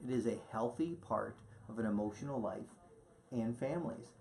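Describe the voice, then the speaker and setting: A man of middle pitch co-hosts a parenting talk in a casual, affirming way, repeating key points and addressing the listeners directly. His delivery is steady and plain. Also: normal speed, vocal fry. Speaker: co-host, parenting doctor. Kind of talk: casual educational chat.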